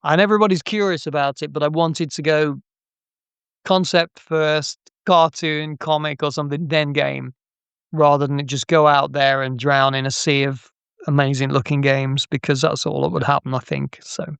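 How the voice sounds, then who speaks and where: A man's voice: a little high, steady tone, normal speed, gravelly, a bit bright, clear, resonant tone, dry recording. A middle-aged man, an interview guest, telling anecdotes in a chatty way with frequent restarts and laughs. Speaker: interview guest, game artist. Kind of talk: casual interview storytelling.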